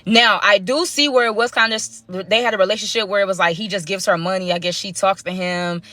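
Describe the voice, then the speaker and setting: A woman's voice: medium pitch, fairly even intonation, brisk, sharp tone, dry recording. A young woman casually telling a story to her viewers in a chatty, slangy way, speaking to them directly.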